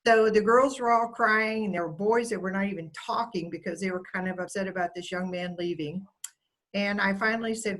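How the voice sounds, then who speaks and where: A woman's voice: medium pitch, steady tone, normal speed, low-quality recording. A school staff member, a woman, telling fond stories about a student in a speech on a video call. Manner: warm storytelling, quotes the student fondly. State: getting emotional.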